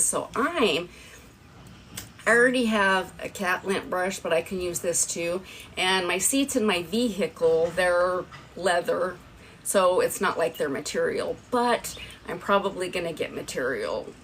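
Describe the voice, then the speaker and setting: A woman's voice: fairly low pitch, a little slow, slight background noise, poor audio. Chatty woman with a stern voice. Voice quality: stern, firm voice. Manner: rambling, chatty, keeps asking "right?". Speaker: TikTok live seller. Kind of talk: casual live product showcase. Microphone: phone livestream.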